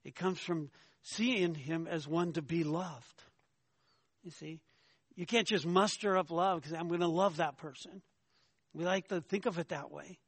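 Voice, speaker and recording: A man delivering a sermon in a fairly high voice, emphatic and insistent. He keeps checking in with the congregation and climbs in pitch as he presses a point. The sound is dry and close, with no room echo. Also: a little slow, slightly rough. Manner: emphatic preaching, asks "right?" often, rises in pitch when arguing. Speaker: pastor.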